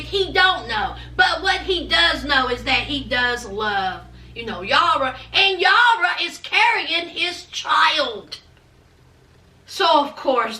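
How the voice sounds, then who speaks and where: A high-pitched woman gives a slow, chatty recap of a reality show, full of sass and asides to her viewers. She acts out what the people on the show said with big jumps in pitch and loudness. She sits a little away from the mic, and the room echoes. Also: distant mic. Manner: sassy and chatty, addressing viewers as y'all and honey; acts out quotes with big swings in pitch and volume. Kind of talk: casual recap commentary.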